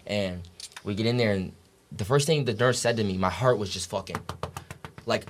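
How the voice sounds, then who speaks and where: A man's voice: lowish voice, normal speed, a little hiss or hum. A young man telling his story as a podcast guest, casual and rambling, swearing freely and filling his talk with "like" and "dude". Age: young adult. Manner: profane, rambling, full of "like" and "dude".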